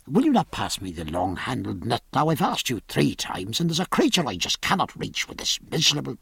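A fussy, absent-minded ship's surgeon, impatient and a little withdrawn, as a male reader voices him. He speaks low and hushed, set close and dry against the narration. He sounds like a man too absorbed in his own business to mind anyone else. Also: animated, fairly quick, no echo, lightly acted.

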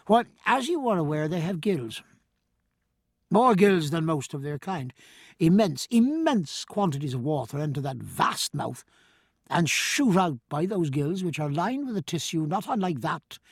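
A man reading as a grizzled old ship's master, calm and curious, lays out his thoughts in a lively, rising and falling husky voice. The sound is dry and close. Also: fairly high pitch, unhurried, no echo, heavily acted. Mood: musing. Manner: musing, explanatory, nautical turns of phrase.

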